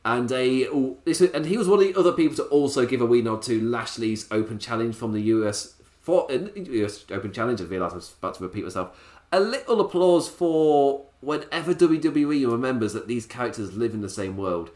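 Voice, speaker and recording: A man's voice: mid-range voice, expressive, brisk, darkish tone. A man casually reviewing a wrestling show, chatty and sarcastic, chuckling often at his own asides. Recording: roomy echo.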